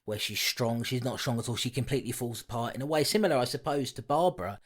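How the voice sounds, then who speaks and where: A man's voice: mid-range voice, fast. Teasing man reviewing films. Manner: teasing, sarcastic, exasperated. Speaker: podcast co-host. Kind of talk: casual film review chat.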